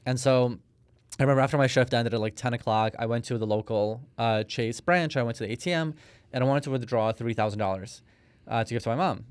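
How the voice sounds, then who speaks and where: A man in his thirties, born in Russia, talks through his story as a podcast guest, stopping and restarting often. His voice is smooth and clear. The mic is close and the sound is dry, with no room around it. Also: medium pitch, quick pace, no room sound. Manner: storytelling, hesitant with many restarts and fillers. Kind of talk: conversational interview.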